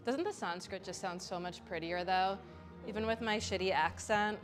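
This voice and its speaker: A woman teaching a live yoga class in a studio, giving calm step-by-step cues with casual asides. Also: mid-range voice, moderate pace, faint music behind. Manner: calm cueing with chanted Sanskrit and casual asides.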